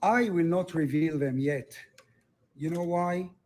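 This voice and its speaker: A man's voice: a little high, takes it slowly, a little mellow. Earnest older man telling his story.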